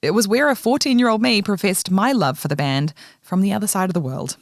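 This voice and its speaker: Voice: mid-range voice, fairly quick, gravelly, dry recording, studio quality. A podcast host giving wry, personal scripted documentary narration.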